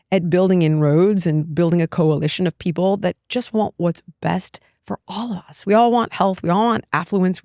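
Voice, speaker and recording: A woman's voice: mid-range voice, darkish tone, no echo, clean studio sound. A middle-aged woman from the United States, a guest speaking candidly and emphatically in an interview, often breaking into laughter. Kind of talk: candid political talk.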